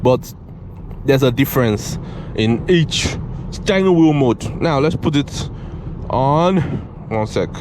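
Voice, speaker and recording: A young man giving casual, excitable driving commentary from inside a moving car, repeating himself and calling out "bro", recorded on a GoPro camera. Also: mid-range voice, slow pace. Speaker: car reviewer. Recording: road and engine noise in car.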